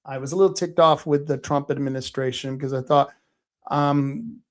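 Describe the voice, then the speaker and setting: A man's voice: steady tone, normal speed. A man hosting a live-streamed podcast, ranting angrily and swearing, reading out chat comments as he goes. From Oregon, United States. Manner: angry ranting, swearing, rising loud and high when worked up. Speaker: podcast host.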